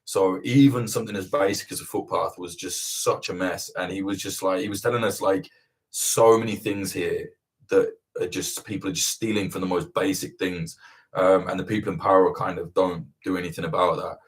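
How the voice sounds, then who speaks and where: A man's voice: low voice, steady tone, moderate pace. Sweary man rambling through an anecdote. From England. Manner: rambling, sweary, laughing anecdotes with many fillers. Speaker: journalist and channel host. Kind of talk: casual livestream Q&A storytelling.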